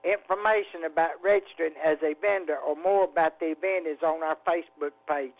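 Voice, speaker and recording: A woman's voice: low voice, fairly even intonation, a little fast, lo-fi sound. Chatty Southern woman calling in. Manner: chatty, storytelling. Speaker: caller. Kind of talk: casual chat on a radio call-in.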